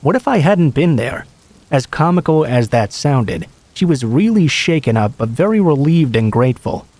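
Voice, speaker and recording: Male narrator, mid-pitched, calm even read of a true horror story. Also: moderate pace.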